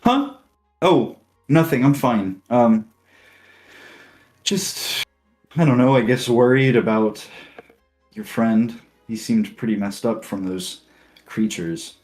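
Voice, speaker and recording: A man's voice: mid-range voice, slow, long pauses, a little mellow, soft background music, close to an everyday voice. A man voicing an antsy, caring young woman companion who talks hesitantly and stammers in a tabletop game. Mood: worried.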